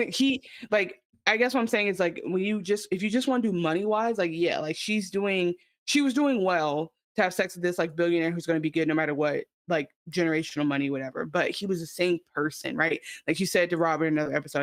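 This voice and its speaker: Una mujer que co-presenta un pódcast, comentando un episodio en charla informal y animada, con muchas muletillas y palabrotas. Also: female voice, fairly low pitch, fast, hardly any pauses, no echo, studio quality. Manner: animated, many fillers, swearing. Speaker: podcast co-host. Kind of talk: casual recap chat.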